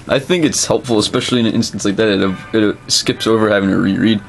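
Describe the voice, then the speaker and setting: Low-voiced man rambling about comics. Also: fairly even intonation, fast, vocal fry. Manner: rambling, restarts often, dry asides on comics history. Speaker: co-host. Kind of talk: casual chat.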